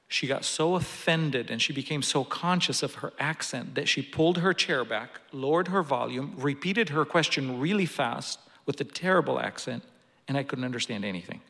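Gravelly-voiced man preaching in a hall. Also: medium pitch, lively intonation, moderate pace, fairly bright tone. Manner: earnest, personal storytelling with restarts. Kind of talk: sermon with a personal story. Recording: long reverb of a large hall.

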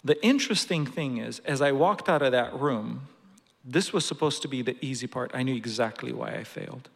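A man's voice: mid-range voice, moderate pace, vocal fry. A man preaching a sermon, telling a personal story earnestly with some restarts. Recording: long reverb of a large hall.

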